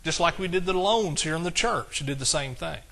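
A man's voice: fairly high pitch, lively intonation, a little fast, gravelly, fairly bright tone. A middle-aged man with an East Texas accent preaching a sermon in a folksy, exclamatory way, quoting scripture. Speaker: pastor.

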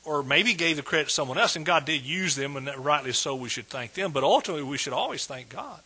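A pastor with a husky, bright-edged tenor delivers an emphatic sermon. He drives his points home word by word, his voice rising slightly above the usual male range as he builds toward praise. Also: on the high side, lively intonation, fast. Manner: emphatic preaching, repeats words with rising intensity.

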